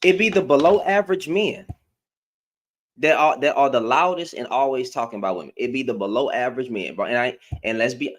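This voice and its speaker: A woman's voice: a bass voice, fairly quick. A woman hosting a livestream, giving blunt, heated reaction commentary and often repeating her phrases. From United States. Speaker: livestream host.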